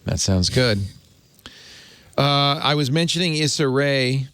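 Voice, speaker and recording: Male tech podcast host, lively pitch, close dry mic, chatty. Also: slow pace, smooth, dry recording. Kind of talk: casual panel chat.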